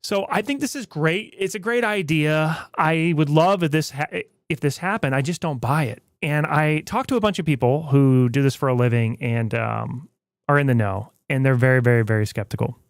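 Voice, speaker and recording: A chatty man talking to his stream, his voice a bit high and gravelly. He rambles, restarts his sentences, and jokes with a skeptical edge. The sound is close and dry. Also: normal speed, dry recording. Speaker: streamer host. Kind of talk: casual stream chat.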